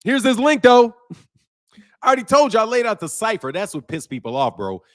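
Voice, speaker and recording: Animated high-voiced man chatting casually. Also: moderate pace. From Chicago. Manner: animated, loose slang-heavy talk, laughs often, mimics regional greetings. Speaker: boxing channel host. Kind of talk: casual livestream chat with viewers.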